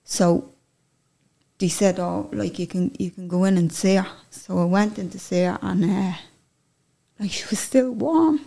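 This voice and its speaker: Irish woman, gravelly voice, candid interviewee recounting a personal story, blunt and emotional, casual swearing. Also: mid-range voice, measured pace, warm tone.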